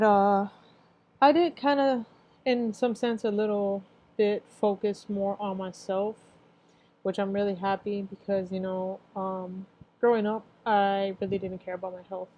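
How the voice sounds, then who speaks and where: A young woman in her twenties, a cancer survivor, shares her story as casual personal testimony, rambling, full of filler phrases and emotional at times. Her voice sits at medium pitch with a darkish tone, and the highs are cut off.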